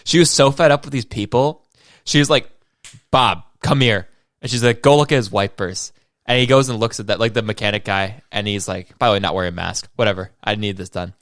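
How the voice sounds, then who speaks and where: A man's voice: fairly low pitch, a little fast, fairly bright tone, no room sound, clean studio sound. A young man co-hosting a casual podcast, telling a story with lots of swearing and quoted voices. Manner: swears a lot, tells stories with quoted voices. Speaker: podcast co-host. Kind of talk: casual chat.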